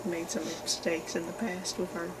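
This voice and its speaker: A woman's voice: lowish voice, steady tone, normal speed, slight background noise, poor audio. A woman co-hosting a casual movie review chat, making dry, joking asides. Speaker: co-host.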